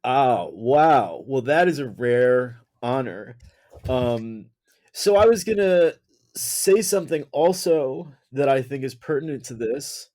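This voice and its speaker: A man's voice: medium pitch, lively intonation, takes it slowly, darkish tone. An American man hosting a podcast interview, teasing and joking with his guest. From United States. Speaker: podcast host. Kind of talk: casual interview chat.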